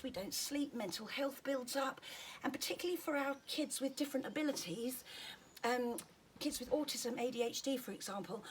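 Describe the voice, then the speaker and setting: A fairly high-voiced woman talks through a touch-therapy demonstration in a gentle, chatty way, tossing in little jokes as she goes. There is a faint hiss of noise behind her voice. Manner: gentle, friendly, joking asides. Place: indoors at home during lockdown.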